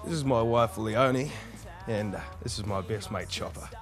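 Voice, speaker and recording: An actor with an Australian accent playing a brash, party-proud Aussie bloke who swears casually, in a short comedy film. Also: male voice, on the low side, moderate pace, over music, lightly acted.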